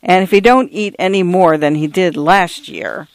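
A man's voice: high-pitched, moderate pace, no room sound. A man voicing a fussy, complaining older female housekeeper with a petulant, scolding manner. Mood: grumbling.

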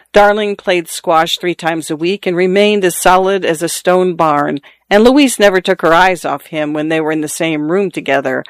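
A man reading a literary short story aloud in a measured, even narrating manner. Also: fairly high pitch, dry recording. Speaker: audiobook narrator.

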